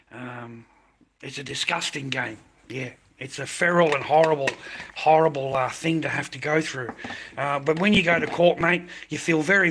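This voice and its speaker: Australian man, swearing livestream rant, bright husky voice, heated. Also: a little high. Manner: swearing, heated, repeats himself.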